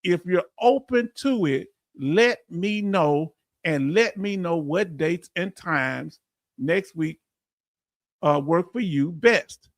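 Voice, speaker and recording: Gravelly high-voiced Texan man livestreaming. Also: slow pace, no room sound, clean studio sound. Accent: Texan English. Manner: emphatic, animated storytelling with frequent laughs. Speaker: veteran live-stream host. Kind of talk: live-stream talk reading chat comments.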